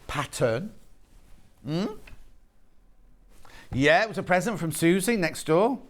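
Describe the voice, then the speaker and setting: A man's voice: on the high side, lively intonation, slow pace, fairly bright tone. Chatty man selling fabric on live TV. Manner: chatty, gushing and joking with the crew. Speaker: shopping channel presenter. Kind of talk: live TV sales chat. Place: TV studio.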